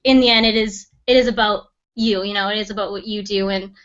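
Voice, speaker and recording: A woman's voice: mid-range voice, fast talker, highs cut off. A woman hosting a team call, talking casually with lots of ums and you-knows. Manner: relaxed, many ums and hedging fillers.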